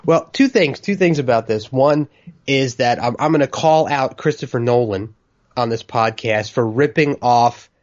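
A man's voice: mid-range voice, moderate pace, a little mellow, dull audio. A man co-hosting a podcast, talking casually and enthusiastically about a movie. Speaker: podcast co-host. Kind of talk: casual film discussion.

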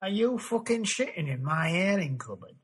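A man's voice: high voice, big pitch swings, moderate pace, breathy edge. A man co-hosting a comedy podcast, rattling off crude one-line jokes while switching to a different regional accent on each line. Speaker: podcast co-host. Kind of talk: comedy sketch doing a quick run of regional accents.

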